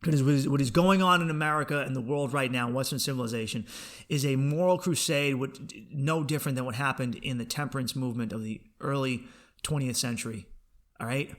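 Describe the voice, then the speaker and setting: A man's voice: mid-range voice, a little fast. Profane, ranting male comedian. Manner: profane, animated, acts out quoted voices. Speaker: comedian podcast host.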